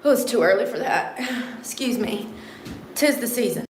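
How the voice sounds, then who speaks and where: A woman chatting casually to her viewers while clearing out a room, rambling, sniffly and a bit out of breath. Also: a little high, animated, normal speed. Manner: rambling, talks to herself and viewers, swears lightly. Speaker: vlogger. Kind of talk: casual livestream chat while tidying. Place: room being cleared for painting, indoors. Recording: roomy echo with faint background noise.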